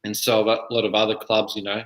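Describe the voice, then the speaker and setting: A man's voice: on the low side, monotone, fast, fairly bright tone, roomy sound, rough recording. An Australian man in his thirties, a guest on a soccer podcast, talking casually and rambling with lots of fillers. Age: 30s. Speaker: guest player and junior coach. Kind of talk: casual interview chat.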